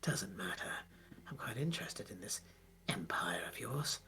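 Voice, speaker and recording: A man voicing an ancient, cruel tentacled sea monster in a hoarse, breathy whisper, slow and taunting. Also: lowish voice, very animated, bright, forceful tone, pitched below the performer's own voice, full character voice. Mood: menacing whisper.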